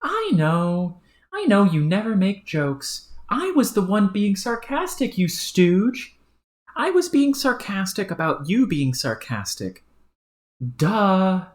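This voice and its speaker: Woman voicing a scheming female troll, higher than her usual, smug, bossy, sarcastic, roomy echo. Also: sing-song, takes it slowly.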